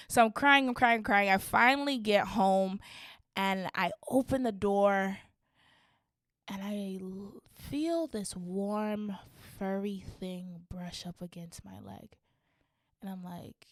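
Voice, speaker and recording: A young woman from Canada telling a story on her podcast in casual slang, getting animated and shrieking at the funny parts. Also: mid-range voice, slow pace, no echo, clean studio sound. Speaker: podcast host.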